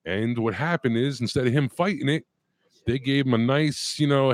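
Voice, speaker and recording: A man's voice: medium pitch, moderate pace, no echo. A man co-hosting a podcast at an event, talking loosely and joking with some swearing. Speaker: podcast co-host. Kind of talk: casual chat.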